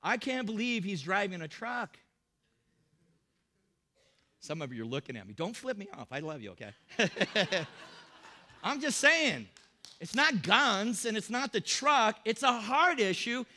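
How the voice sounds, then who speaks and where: A man preaching in a church in a loose, joking way, as if chatting with his listeners. His voice sits high and carries a bright, forceful edge. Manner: humorous, conversational preaching, acts out Bible characters in quick voices. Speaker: pastor. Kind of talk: sermon.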